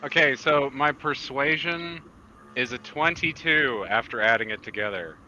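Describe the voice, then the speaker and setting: A man's voice: medium pitch, unhurried, sharp tone, lo-fi sound, a little hiss or hum. A man playing a tabletop game, joking around casually with the group. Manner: playful and jokey. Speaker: player.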